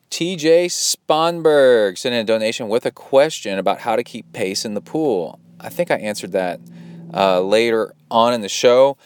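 The man's pitch is fairly low and his tone clean, with a dry recording and clean studio sound. He coaches triathletes and hosts a podcast, chatting loosely while reading donations from listeners. Expect cheerful rambling, many fillers, and imitated watch beeps.

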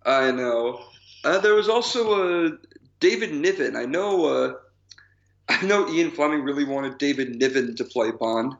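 A man co-hosting a podcast in relaxed, unhurried chat. His pitch swings widely as he talks, and the recording sounds dull and lo-fi. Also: vocal fry. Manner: laughs often, shrieks into high laughter. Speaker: podcast co-host. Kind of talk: casual chat.

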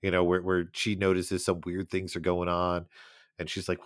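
A man with a fairly low voice talks casually about a movie with his co-host. He laughs often and slips into playful quoted voices. The sound is dry and close. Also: moderate pace, dry recording. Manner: animated, laughs often, acts out lines. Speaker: podcast co-host. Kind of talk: casual film discussion.

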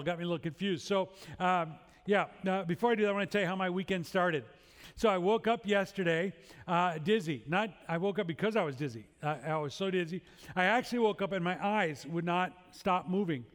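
Middle-aged pastor guy, high voice, funny self-deprecating sermon story, echoey church hall. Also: a bit bright. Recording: long hall reverb.

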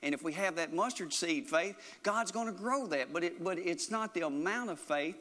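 A man's voice: sits high, expressive, moderate pace, fairly bright tone, long reverb tail. A man preaching a sermon in an earnest, repetitive way, often restarting his phrases.

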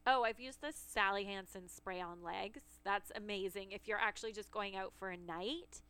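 A woman's voice: medium pitch, moderate pace, sharp tone, clear, resonant tone. A woman in her thirties co-hosting a casual beauty chat, telling stories with frequent laughs. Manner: chatty storyteller, laughs often. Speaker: podcast co-host.

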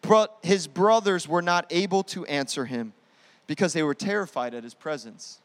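A young adult man preaching a sermon as pastor, animated, moving between loud declarations and hushed, intimate asides. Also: fairly high pitch, moderate pace, big-room sound.

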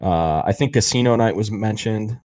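This podcast co-host speaks in a lowish, darkish voice at a moderate pace. Chatting casually, he meanders through favorite TV episodes, acting out lines from the characters and using many fillers.

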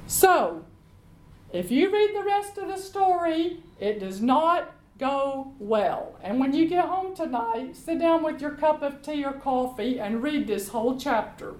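A woman preacher retelling a story in a sermon, lively and acting out each quote. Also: high voice, a little slow, roomy sound, a little hiss or hum, rough recording.

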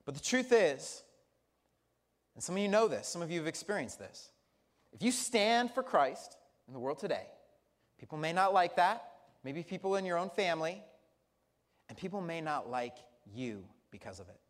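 A man's voice: fairly high pitch, moderate pace, long pauses. A man preaching a sermon as pastor in a church, telling stories in a chatty, humorous way. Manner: lively, chatty storytelling with humor. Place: church sanctuary. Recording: long church reverb.

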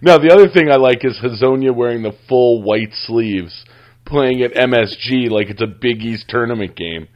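A man's voice: mid-range voice, normal speed. Easygoing man on a dull lo-fi mic. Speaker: podcast co-host. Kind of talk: casual sports chat.

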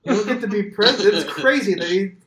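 A man's voice: high-pitched, fast, fairly bright tone, roomy sound, slight background noise. A man hosting a casual podcast, joking and swearing in a rambling way with lots of filler words. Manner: profane, joking, rambling with many "like"s. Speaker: podcast host.

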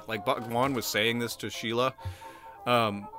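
A man co-hosting a casual true-crime podcast, animated and profane, laughing often and acting out quotes. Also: mid-range voice, measured pace, faint music behind. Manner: animated, swearing, laughing often, quoting people in put-on voices. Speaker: podcast co-host.

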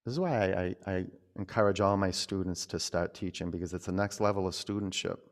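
Male yoga teacher, low gravelly voice, gentle chatty cueing. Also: brisk. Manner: gentle, conversational cueing with frequent fillers. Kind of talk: guiding a yoga class.

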